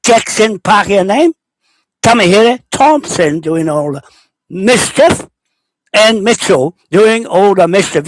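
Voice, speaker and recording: A man's voice: high voice, no room sound. A man from New Zealand with a New Zealand accent, leaving a rambling, indignant spoken message as a self-described landowner, repeatedly asking "okay?". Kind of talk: recorded spoken message, unscripted rant.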